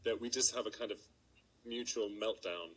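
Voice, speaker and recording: A man's voice: on the low side, moderate pace, rough recording. A man with an English accent, talking hesitantly and self-deprecatingly on a panel. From England. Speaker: actor on a panel. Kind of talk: casual panel talk.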